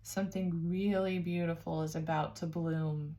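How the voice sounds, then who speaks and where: Gently nurturing woman tarot reader, gravelly. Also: fairly low pitch, steady tone, moderate pace. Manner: soft, nurturing, calls listener babes. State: teary-eyed, emotional. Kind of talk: spiritual tarot reading.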